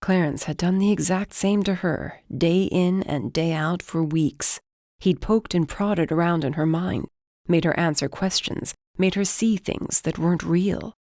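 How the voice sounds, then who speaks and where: An audiobook narrator reading a first-person fantasy novel in an even, measured way. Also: medium pitch, no echo, studio quality.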